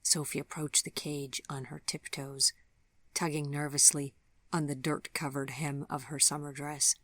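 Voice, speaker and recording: A woman reads a gentle fairy tale aloud with soft, measured narration. Her voice sits low in pitch, and the recording is close and dry. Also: flat delivery, dry recording. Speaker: audiobook narrator. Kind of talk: scripted narration.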